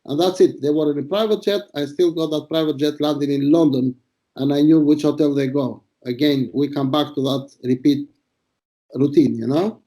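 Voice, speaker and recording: Blunt, crude, high-voiced man from Albania. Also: fairly even intonation, moderate pace, warm tone. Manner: blunt, crude, boastful, rambling. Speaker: retired paparazzo. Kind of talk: casual interview storytelling.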